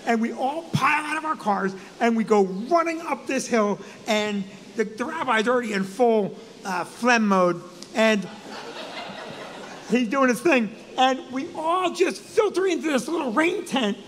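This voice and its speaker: High-voiced man telling a comic story. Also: moderate pace, long reverb tail. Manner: animated, swears, shouts at punchlines. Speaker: comedian and co-host. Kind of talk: live stand-up storytelling.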